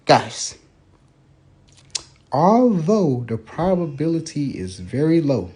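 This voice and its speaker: A man telling a funny family story in a casual, animated way, sometimes dropping into low mumbled asides. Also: takes it slowly.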